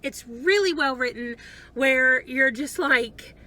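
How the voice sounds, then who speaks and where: Book vlogger, woman; high, bright, talks in a rambling, chatty way. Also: a little slow, rough recording. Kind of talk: casual book review chat.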